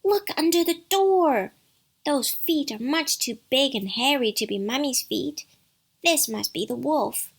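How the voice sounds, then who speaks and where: A woman voicing a group of small young goat kids in a storybook, high, loud and excited. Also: unhurried, vocal fry, slightly rough, full character voice.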